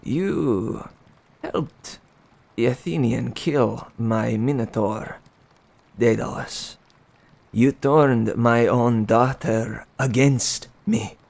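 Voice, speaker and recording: A man's voice: mid-range voice, gravelly, darkish tone, heavily acted. A man voicing a cruel cold king. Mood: accusing. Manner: slow, deliberate, menacing.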